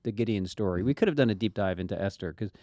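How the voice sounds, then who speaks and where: A man's voice: fairly low pitch, lively intonation, rapid-fire, dark tone, no room sound, clean studio sound. A man co-hosting a podcast, talking casually and thoughtfully about a Bible story and asking questions about the text. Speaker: podcast co-host.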